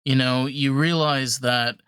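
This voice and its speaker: Bright-voiced American podcast host. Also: male voice, medium pitch, steady tone, takes it slowly, clear, resonant tone, dry recording, clean studio sound. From upstate New York. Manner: rambling, emphatic, swears for emphasis. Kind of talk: casual conversation.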